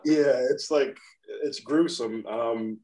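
Flat monotone guy talking about his photos, kinda self-deprecating, rambles, mid pitch. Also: slow pace, poor audio. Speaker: guest photographer and graphic designer. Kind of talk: casual interview chat.

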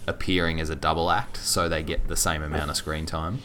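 Deep-voiced male podcast co-host, keen trivia explainer, faint hiss. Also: little pitch movement, brisk, pushed and bright. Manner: enthusiastic, explains film trivia. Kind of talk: casual film discussion.

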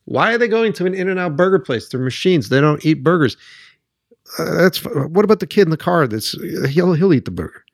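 A man's voice: a little high, sing-song, a little fast, no room sound, clean studio sound. A man hosting a solo podcast, ranting in a sarcastic, profane way and keeps checking in with "right?". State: worked up. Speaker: podcast host.

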